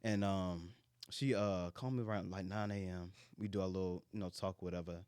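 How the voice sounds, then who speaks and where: A man in his thirties, hosting a casual chat and telling stories in an animated, colloquial way. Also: sits low, a little fast, smooth, no echo. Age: 30s.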